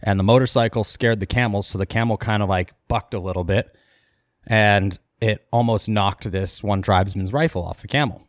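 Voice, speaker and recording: A man's voice: on the low side, normal speed, no room sound, studio quality. A man co-hosting a podcast, casually retelling a travel story and quoting the people in it. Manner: animated retelling, quoting characters in passing. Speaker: podcast co-host.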